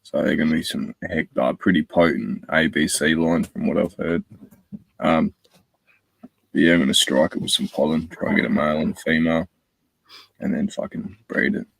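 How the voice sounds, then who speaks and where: A man's voice: very deep voice, steady tone, fairly quick, creaky, breathy edge, dry recording. A man chatting casually on a live stream, rambling and swearing in slang.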